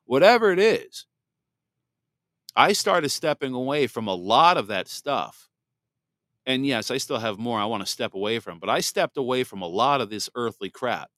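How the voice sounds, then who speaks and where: A man's voice: mid-range voice, animated, moderate pace, a bit bright, no echo, clean studio sound. A man in his thirties hosting a podcast, telling a personal faith testimony in a candid, rambling way with many restarts. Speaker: podcast host.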